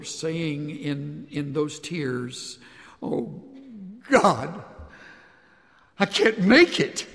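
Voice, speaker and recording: A male pastor delivers a sermon with a gravelly, rough edge to his slightly high voice. He is earnest, sinking to hushed near-whispers and then rising to raised emphatic lines. His words ring out with the long reverb of a large church hall.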